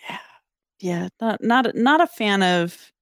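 A woman co-hosting a podcast, giving her opinion in a halting, hesitant way. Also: mid-range voice, expressive, no room sound, studio quality. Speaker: podcast co-host. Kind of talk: casual chat.

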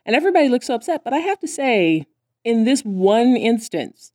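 Animated woman acting out cartoon lines. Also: a little high, a little fast, no echo, studio quality. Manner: animated, acts out characters' lines in voices. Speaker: podcast co-host. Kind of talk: casual chat recapping a cartoon.

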